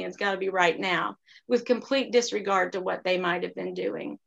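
A woman's voice: mid-range voice, fairly bright tone, highs cut off. A middle-aged woman and single mother tells a personal story in a candid, confessional way, reflecting earnestly from a faith-minded angle.

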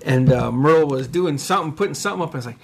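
A man's voice: a little high, racing, creaky. Laughing, swearing storyteller man. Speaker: podcast co-host. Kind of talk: casual chat.

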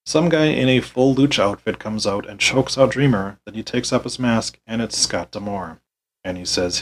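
A man hosting a podcast, recapping a wrestling show in a weary, deadpan, sarcastic way and swearing often. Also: lowish voice, normal speed, slight background noise, low-quality recording.

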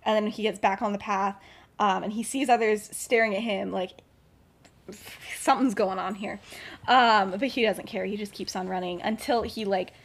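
A woman's voice: medium pitch, fairly even intonation, normal speed. A woman hosting a podcast who retells a story in a chatty, casual way with many filler words. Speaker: podcast host.

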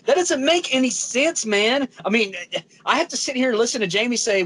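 A man's voice: high-pitched, expressive, brisk, a bit bright, slight background noise. A man in casual chat, blunt and swearing freely, often quoting others.

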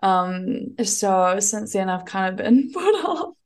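A woman's voice: mid-range voice, sing-song, slow, a little mellow. Chatty young woman with a Kiwi accent. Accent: New Zealand. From New Zealand. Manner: chatty, self-deprecating, lots of fillers and restarts. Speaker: guest. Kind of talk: casual podcast interview.

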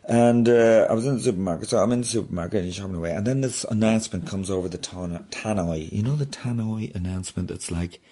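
A man, hosting a comedy podcast and ranting in an exasperated, animated way. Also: on the low side, fast, few pauses, husky. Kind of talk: comic rant.

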